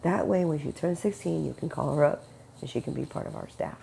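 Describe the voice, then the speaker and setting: Woman with a low gravelly voice, dark tone, chatty faith story, acts out the back-and-forth, faint hiss behind. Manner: animated storytelling, acting out quoted dialogue with quick pitch jumps; slows down and turns earnest when preaching. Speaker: Christian speaker sharing a testimony. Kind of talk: casual spoken testimony.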